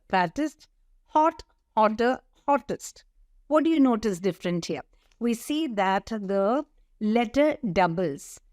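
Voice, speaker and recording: A middle-aged woman teaching an English grammar lesson, slowly listing words and spelling out letters. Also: fairly high pitch, no room sound, clean studio sound. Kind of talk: slow, deliberate grammar lesson.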